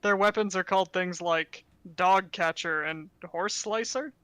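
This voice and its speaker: Bright high-voiced male player. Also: measured pace, smooth. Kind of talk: casual game chat.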